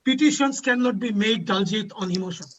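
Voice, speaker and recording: A man's voice: sits high, a little fast. A man hosting a community panel, giving an emotional speech and repeating lines for emphasis. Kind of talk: impassioned advocacy speech. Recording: dull lo-fi audio.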